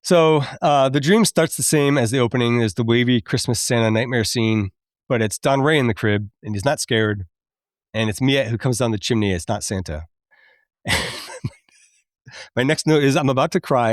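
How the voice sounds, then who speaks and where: A man in his thirties hosting a podcast, chatty and quick to laugh as he recaps a film and admits it moves him. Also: medium pitch, no room sound, studio quality. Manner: chatty, laughs often, openly emotional. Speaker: podcast host.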